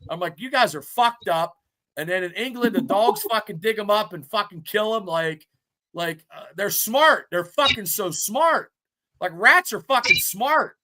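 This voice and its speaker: Brief: fifties male podcast co-host, high, bright voice, swears constantly, rambles through animated stories. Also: normal speed. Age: 50s. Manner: profane, rambling, animated storytelling. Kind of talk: casual chat.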